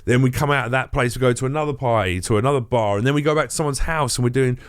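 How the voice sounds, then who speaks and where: A middle-aged comedian tells a wild story casually, swearing freely and acting out the other people's voices. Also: male voice, medium pitch, very fast, clear, resonant tone. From England. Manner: profane, animated, acts out quoted voices. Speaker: comedian guest.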